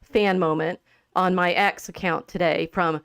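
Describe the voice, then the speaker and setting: A woman co-hosting a livestream, chatting casually about poetry with a lively, laughing manner and frequent restarts. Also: on the low side, measured pace, clean tone, no room sound, clean studio sound. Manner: animated and chatty, laughs often, trails off mid-sentence. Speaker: podcast co-host.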